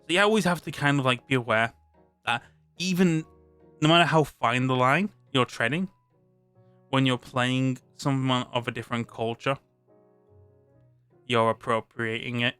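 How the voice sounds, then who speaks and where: A man's voice: mid-range voice, normal speed, pushed and bright, clean tone, no room sound, faint music behind. A British man streaming live, reading a tabletop game rulebook aloud and chatting about it between passages. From Britain. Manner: reads aloud then chats, with restarts.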